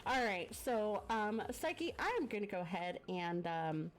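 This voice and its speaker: A woman's voice: mid-range voice, sing-song, measured pace, a little hiss or hum. A woman streamer chatting to her live viewers, effusive and full of thanks, sounding congested from a cough, into a desk mic. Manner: effusive, gushing thanks to viewers with many fillers. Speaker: variety streamer hosting a guest. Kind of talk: casual live-stream chat. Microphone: desk microphone.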